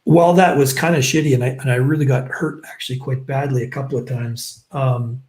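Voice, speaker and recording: A man's voice: medium pitch, fairly even intonation, brisk, darkish tone, low-quality recording. A middle-aged man, a podcast guest telling stories in a casual, rambling way with lots of ums and uhs and offhand swearing. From Canada, British Columbia. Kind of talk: casual storytelling interview.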